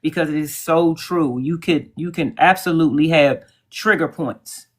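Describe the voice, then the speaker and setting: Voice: medium pitch, moderate pace. A co-host on a livestream, speaking in a casual, soothing and supportive way and thanking viewers in the chat.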